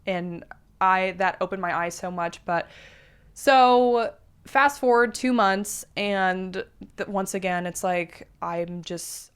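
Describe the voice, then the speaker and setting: Woman in her twenties, interview guest, casual storytelling, animated, lots of "like", mid-pitched voice. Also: slow, smooth. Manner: animated, heavy use of "like", acts out quotes.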